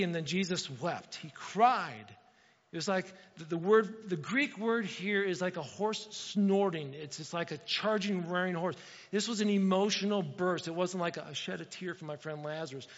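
A middle-aged man preaching a sermon as pastor of a church, with sudden loud bursts and dramatic quoted voices. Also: sits high. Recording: dull, reverberant church hall.

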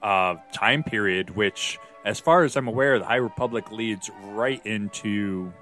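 A man's voice: on the low side, measured pace, bright, forceful tone, soft background music. A man co-hosting a podcast, talking through ideas in a thoughtful, hesitant way. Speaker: podcast co-host. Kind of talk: casual book discussion.

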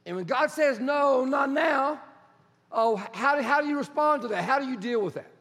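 A male pastor with a strikingly high voice delivers a sermon. He is animated and often slips into acted-out dialogue. A long hall reverb trails behind his words. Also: fast. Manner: animated, acts out quoted dialogue.

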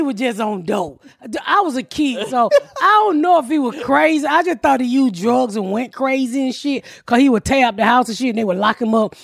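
A woman's voice: a little high, gravelly, no room sound, studio quality. A woman with a Georgia Southern accent hosting a podcast, telling stories bluntly and profanely and laughing often. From Georgia, USA. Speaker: podcast host. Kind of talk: casual comedic storytelling.

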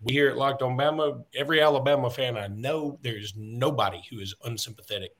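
A man's voice: medium pitch, a little fast, a bit bright. A man, co-hosting a sports podcast in loose, joking, rambling casual chat.

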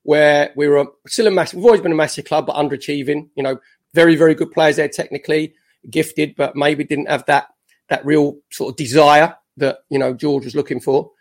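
Man, fifties, podcast guest, lively anecdotes, self-mocking humour, slightly high voice. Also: a little fast. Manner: lively, chatty storyteller with self-mocking jokes. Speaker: podcast guest, former footballer.

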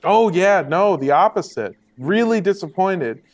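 A man's voice: sits high, lively intonation, a little slow, darkish tone, far from the mic, pitched above the performer's own voice. A man voicing a gloating villain father. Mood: smug. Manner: smug, then panicked shrieking.

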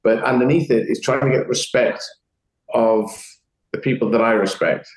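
A man's voice: medium pitch, moderate pace, reverberant, low-quality recording. A man talking casually as an interview guest, rambling and acting out quoted voices. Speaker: comedian guest.

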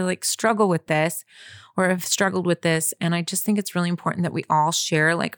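A young woman talks casually to her listeners, winding through a story with plenty of fillers and direct asides. Her voice sits at a middle pitch and sounds dry and close to the mic. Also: no echo. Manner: chatty storyteller, lots of "like" and "you guys". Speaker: podcast co-host. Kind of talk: casual chat.

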